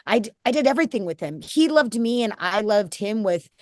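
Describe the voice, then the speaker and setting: A woman's voice: a little high, animated, a little fast, no room sound. Woman in her 30s chatting in an interview, heartfelt, rambly, lots of restarts, dead dry sound. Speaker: interview guest, nonprofit founder. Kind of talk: candid conversational interview.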